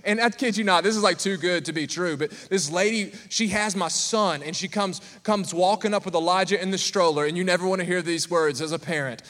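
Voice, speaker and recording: High-voiced preacher in a reverberant hall. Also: male voice, fairly quick, hardly any pauses. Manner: animated, calls out to the congregation. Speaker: pastor. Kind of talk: sermon with humorous storytelling. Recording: long reverb of a large hall.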